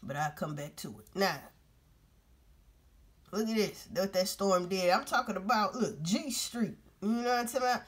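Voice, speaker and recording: A woman's voice: medium pitch, normal speed, husky. A woman vlogger commenting on news clips in a blunt, profane, casual way, talking straight to her viewers.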